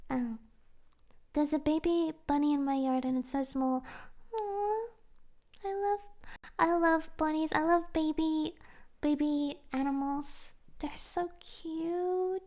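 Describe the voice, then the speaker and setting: A young woman chats casually with viewers on her stream in a high voice, gushing, giggling and at times lowering to gentle whispers.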